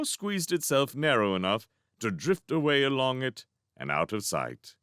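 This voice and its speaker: A man narrating a fan audiobook reading with expressive storytelling. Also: medium pitch, measured pace, smooth, no echo, clean studio sound. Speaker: narrator, book reader.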